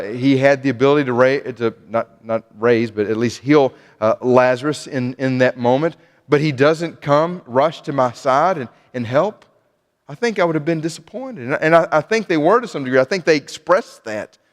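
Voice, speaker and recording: A man preaching a sermon in a church, earnest, often restarting and repeating words as he speaks. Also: medium pitch. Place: church sanctuary. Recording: long church reverb.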